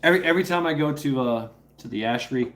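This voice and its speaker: A man's voice: medium pitch, quick pace, a bit bright, slight background noise. A man hosting a casual live stream, rambling playfully, greeting viewers by name and coaxing his dog between remarks. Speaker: livestream host.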